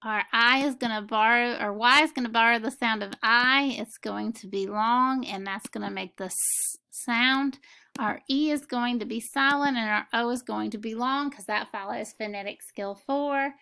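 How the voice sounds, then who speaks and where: A woman teaching a phonics lesson, decoding words step by step in a clear, methodical way. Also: fairly high pitch, moderate pace, bright, forceful tone.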